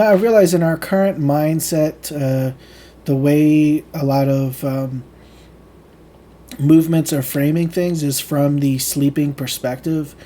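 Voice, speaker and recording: A man with a mellow, soft-edged voice at an ordinary middle pitch reads a lecture aloud and then unpacks it conversationally. He talks reflectively, often pausing on ums and restarting his sentences, with a faint hiss of noise underneath. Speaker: channel host reading and explaining lectures. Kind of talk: reading a lecture aloud, then casual explanation.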